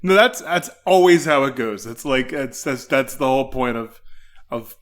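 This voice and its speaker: A man's voice: medium pitch, animated, moderate pace, a bit bright. A young adult man hosting a casual interview, easygoing and often restarting his sentences. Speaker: podcast host.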